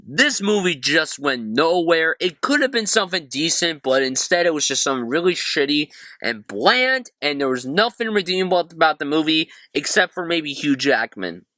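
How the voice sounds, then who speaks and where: A man's voice: a little high, moderate pace, no echo. Sarcastic man reviewing films from a closet. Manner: sarcastic, animated, swearing. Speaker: film reviewer, channel host. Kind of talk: casual movie-review vlog. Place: cramped storage closet.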